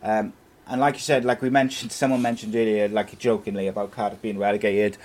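A man's voice: fairly low pitch, little pitch movement, a little fast, a little mellow. A man giving his views as a football pundit in casual chat, earnest and with frequent fillers and restarts.

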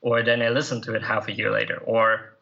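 An earnest man being interviewed as a self-improvement coach, answering in a reflective, conversational way. His tone is bright and forward. The recording sounds slightly dull and lo-fi. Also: lowish voice, monotone, brisk, creaky. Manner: earnest, reflective, with light laughs and fillers. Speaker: podcast guest, self-improvement writer and coach.

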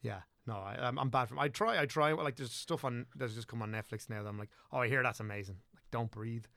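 Brief: young Irish man, podcast guest, gravelly voice, dry close mic, loose rambling talker. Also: mid-range voice, fast, sharp tone, dry recording. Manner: rambling, self-correcting, chatty. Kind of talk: casual podcast chat.

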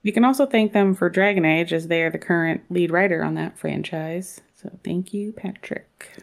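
A woman's voice: lowish voice, moderate pace, creaky. Playful woman podcast co-host. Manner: playful, joking, laughs often. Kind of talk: casual chat.

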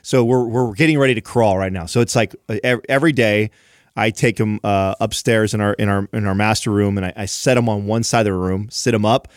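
A man's voice: fairly low pitch, steady tone, fairly quick, no echo, clean studio sound. A young man co-hosting a casual podcast, animatedly telling a story with many restarts and repeats. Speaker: podcast co-host.

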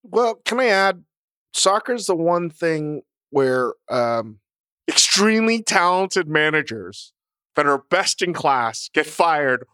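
Brief: slightly high-pitched male podcast co-host, dry close sound, excitable and profane. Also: slow pace, clear, resonant tone, no room sound. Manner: animated, profane, laughing storyteller. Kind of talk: casual chat.

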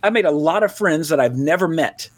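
In casual podcast conversation, a male co-host from Louisiana wanders from topic to topic, laughs frequently and keeps restarting what he says. He speaks briskly in a fairly high, expressive voice.

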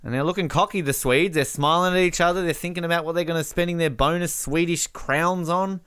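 Man, joking watch-along commentary, bright clear voice, dry close sound. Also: a little high, brisk, dry recording. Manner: jokey, bursts into excited shouting at big moments. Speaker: podcast co-host.

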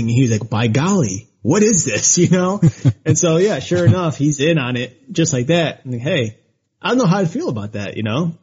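A man co-hosts a podcast in easy, rambling chat, full of fillers and laughs. His voice is slightly husky. The recording sounds dull and lo-fi. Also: a little high, darkish tone. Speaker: podcast co-host. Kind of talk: casual chat.

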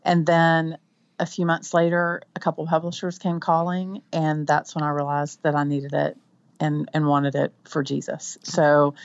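Low-voiced Texan woman, chatty guest. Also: dry recording, muffled recording. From Texas Panhandle. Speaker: guest author. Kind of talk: casual interview chat.

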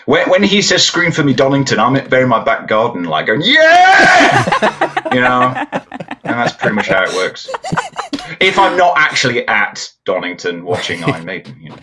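A man with an English accent, a guest on a casual podcast, talking in a relaxed way and chuckling often. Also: lowish voice, a little fast, heavy background noise. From England. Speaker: guest musician.

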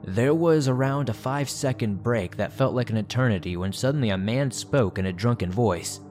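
A man hosting a horror story show, narrating listener-submitted stories in a measured way. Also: medium pitch, lively intonation, a little mellow, soft background music.

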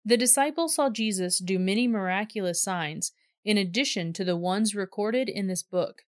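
A woman reading a scripture story aloud in steady, measured narration. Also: mid-range voice, no echo, clean studio sound. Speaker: reader.

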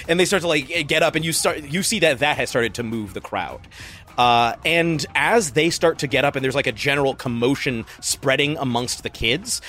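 A man narrating a tabletop game as game master, animated and breaking into quick voices for side characters. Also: on the high side.

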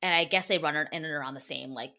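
A woman's voice: sits low, fast, bright, forceful tone. A woman hosting a podcast, chatting casually and gossiping, full of "like" fillers and swearing. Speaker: podcast host.

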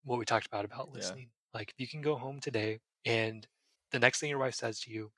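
A man's voice: mid-range voice, fast, bright, forceful tone, dry recording. A man, a psychiatrist guest on a podcast, earnestly explaining ideas with everyday examples. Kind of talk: casual podcast advice.

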